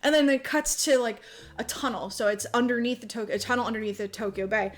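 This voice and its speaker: A woman's voice: on the high side, a little fast. A young woman on a podcast, casually and profanely recapping a movie, laughing often and acting out the characters' lines. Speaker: podcast co-host.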